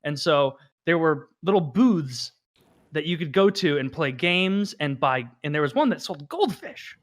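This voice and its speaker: A man's voice: a little high, lively intonation, unhurried. A man on a podcast telling a long, rambling story from his youth, full of fillers and restarts. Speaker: podcast host. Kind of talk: casual storytelling chat.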